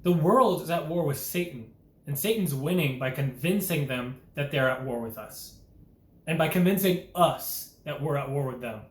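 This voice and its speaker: A man's voice: on the high side, lively intonation, moderate pace, reverberant. A young man delivering an impassioned, earnest preaching monologue as a Christian vlogger, urgent and full of rhetorical questions.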